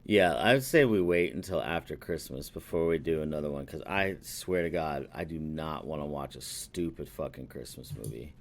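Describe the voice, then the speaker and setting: A man co-hosting a podcast, recapping a movie in a profane, rambling chat that swings from animated to muttering. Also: a bass voice, moderate pace, hardly any pauses. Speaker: podcast co-host.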